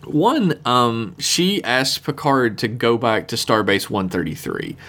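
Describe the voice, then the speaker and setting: A man co-hosting a podcast, chatting casually and profanely about a TV episode. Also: mid-range voice. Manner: animated, profane, breaks into quick put-on voices. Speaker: podcast co-host.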